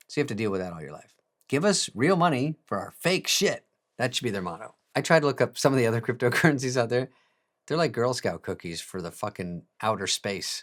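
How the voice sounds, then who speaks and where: A male comedian delivering a monologue with a sarcastic, self-mocking edge and plenty of swearing. His pitch jumps around a lot as he talks. He chuckles at his own jokes. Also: lively intonation, fast, a bit bright. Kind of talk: comic monologue.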